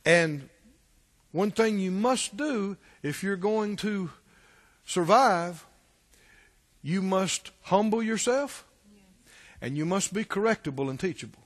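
Man, pastor, sermon, emphatic repetitive preaching, high voice, long hall reverb. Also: lively intonation, slow.

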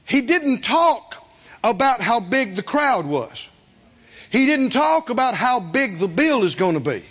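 A man preaching a sermon, animated, acting out the people he quotes and asking the congregation questions. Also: very high-pitched, a little slow, slightly rough. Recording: dull lo-fi sermon recording.

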